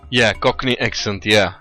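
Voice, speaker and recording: A man with a deep voice talks slowly and casually on a live coding stream. English is not his first language, and he stops often to restart with fillers. Faint music plays behind him. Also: sharp tone. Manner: hesitant, many restarts and fillers. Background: faint music playing.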